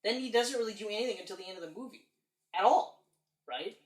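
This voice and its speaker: A woman co-hosting a podcast, reviewing a film in casual chat, animated and emphatic, acting out lines and swearing freely. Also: mid-range voice, fast. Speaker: podcast co-host. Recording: roomy echo.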